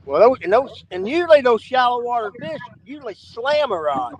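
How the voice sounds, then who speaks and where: A high-voiced man chatting casually beside a fellow angler. He teases in an easy, folksy way. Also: sing-song, a little fast, muffled recording. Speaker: fishing show co-host. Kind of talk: casual outdoor fishing chat.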